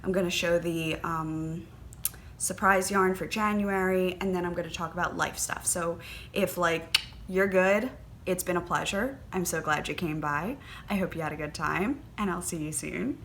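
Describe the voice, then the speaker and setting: Gushing, excitable woman knitting podcaster. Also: on the low side, moderate pace, slight background noise. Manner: gushing, excitable, lots of fillers and gasps. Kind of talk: casual chat.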